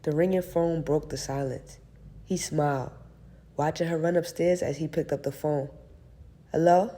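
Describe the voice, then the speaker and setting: A woman narrating an audiobook in a steady, even reading voice. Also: deep voice, moderate pace. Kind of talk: scripted narration.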